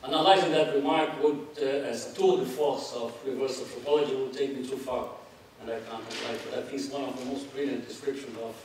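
A man giving a measured academic lecture in anthropology, reading quotations aloud and adding spoken asides. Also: mid-range voice, steady tone, darkish tone. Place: large lecture hall. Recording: very echoey hall, distant mic, faint hiss.

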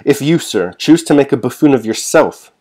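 A stern, irritable young prince and officer who speaks sharply and with force, as read by a male narrator. His voice is loud and clipped in a storybook reading. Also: fairly low pitch, fairly quick, lightly acted. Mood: sharp anger. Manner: sharp, angry.

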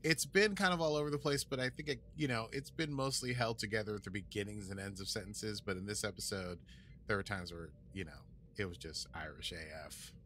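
A man's voice: fairly low pitch, fairly quick, slight background noise. A man co-hosting a podcast, chatting casually in a joking, playful way. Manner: playful, joking, lively delivery. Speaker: podcast co-host.

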